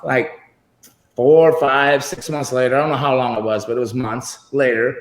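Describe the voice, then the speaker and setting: A man's voice: mid-range voice, fairly even intonation, normal speed, roomy sound. A middle-aged man telling long, rambling stories as an interview guest on a computer video call, often laughing as he talks. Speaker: guest wrestler. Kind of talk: casual interview storytelling.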